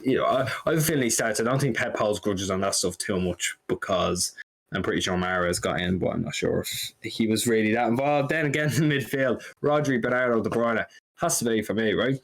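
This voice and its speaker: A man, co-hosting a casual football podcast, rambling and animated as he talks through his opinions. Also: fairly low pitch, brisk. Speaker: podcast co-host.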